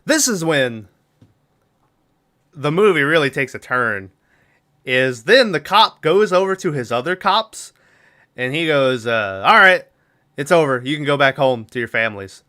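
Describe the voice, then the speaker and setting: A man's voice: medium pitch, animated, measured pace, pauses often, pushed and bright. A man co-hosting a podcast, casually recapping a film's plot in a rambling way, laughing often and acting out lines. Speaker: podcast co-host.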